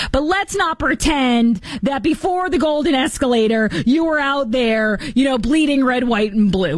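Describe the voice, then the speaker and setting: A woman's voice: fairly high pitch, no room sound. A woman hosting an opinionated political commentary show, sarcastic and mocking, slipping into impressions of the people she criticizes.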